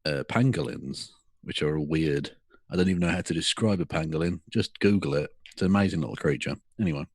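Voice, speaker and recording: A man's voice: a bass voice, fast, no echo, clean studio sound. A man co-hosting a casual podcast chat, sarcastic and mocking, swearing freely. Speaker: podcast co-host.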